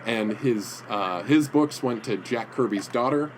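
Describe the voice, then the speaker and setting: A man co-hosting a podcast in casual chat, telling halting, rambling stories full of restarts. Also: medium pitch, a little hiss or hum, low-quality recording. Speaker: podcast co-host. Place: indoor room with comic prints.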